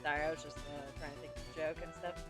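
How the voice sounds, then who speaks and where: A woman's voice: low voice, little pitch movement, fast talker. A woman streamer making casual, jokey asides while playing a courtroom game. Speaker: gameplay streamer. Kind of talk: casual commentary over gameplay. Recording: game music underneath.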